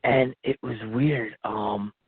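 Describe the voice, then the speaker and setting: Gravelly low-voiced man on a tinny line. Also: steady tone, slow. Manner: earnest, acts out his own inner dialogue. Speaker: podcast guest. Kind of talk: personal storytelling. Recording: tinny phone-like line, dry.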